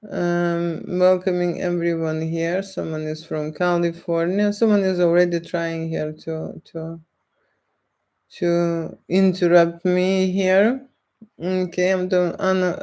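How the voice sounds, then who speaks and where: High-voiced man rambling on a live stream. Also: a little mellow. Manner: rambling, repeats himself, checks in with "okay?". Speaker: erotic photographer hosting a live stream. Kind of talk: casual live-stream talk.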